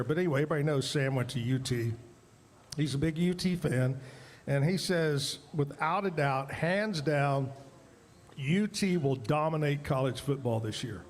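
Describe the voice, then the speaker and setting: A man hosting a live talk show from a bar and grill, casual and playful, hamming it up while he eats. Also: medium pitch. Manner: playful, exaggerated moaning while eating. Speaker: radio show host. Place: outdoor bar and grill stage. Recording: live venue, long reverb, faint noise.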